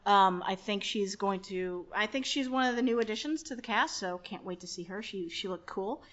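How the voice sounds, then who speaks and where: A woman's voice: medium pitch, normal speed, fairly bright tone. A woman hosting a podcast, chatting casually in a brash, joking, profane way. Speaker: podcast host. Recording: dull lo-fi podcast audio.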